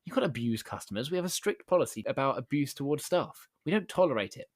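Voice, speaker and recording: A man doing a calm, firm shop manager. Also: medium pitch, fast, no room sound, clean studio sound, lightly acted. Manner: polite but firm.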